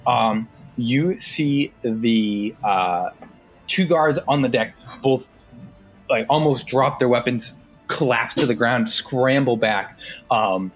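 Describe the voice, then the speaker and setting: A man's voice: medium pitch, slow, breathy edge, soft background music. A man narrating a tabletop game as game master, casual, with many fillers.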